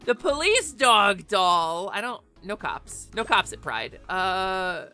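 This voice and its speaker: Brief: woman game streamer, animated and foul-mouthed, bright voice, lively swooping pitch, faint music behind. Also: slow pace. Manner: animated, chatty, swears freely. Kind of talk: casual live gaming stream chat. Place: home office.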